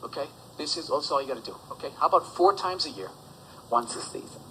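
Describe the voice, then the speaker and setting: A man's voice: on the high side, lively intonation, fast talker, background noise. A man doing a stand-up routine, ranting with profanity and sarcasm. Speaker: stand-up comedian.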